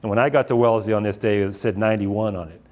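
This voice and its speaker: A man's voice: fairly low pitch, fairly even intonation, racing, a little mellow. A middle-aged man, giving a casual talk about running, full of fillers and restarts. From Boston area. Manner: rambling, anecdotal, many fillers and restarts. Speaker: author giving a library talk.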